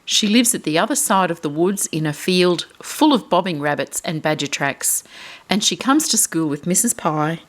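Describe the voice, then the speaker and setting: A woman reads a children's picture book aloud, stopping to ask her young listeners questions. Her voice sits on the low side but swoops widely up and down with expression. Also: lively intonation, normal speed. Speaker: storyteller reading to children.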